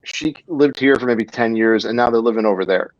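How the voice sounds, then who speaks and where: A man's voice: mid-range voice, brisk, no echo. A man hosting a casual livestream interview, chatty and jokey, often breaking off mid-sentence. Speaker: livestream host. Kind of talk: casual live interview chat. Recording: dull lo-fi livestream audio.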